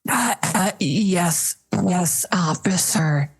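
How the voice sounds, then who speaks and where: A woman's voice: on the low side, very slow, slightly rough, full character voice. A woman playing a frantic woman traveler who rambles out excuses to a border officer. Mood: panicked. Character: panicky woman traveler with a tiger.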